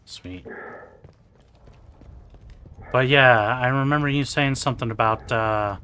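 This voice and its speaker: A man's voice: mid-range voice, slow, bright, forceful tone, slight background noise. A man playing a video game on stream, chatting casually with his viewers. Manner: chatty, talks to viewers, laughs. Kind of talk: casual let's-play commentary.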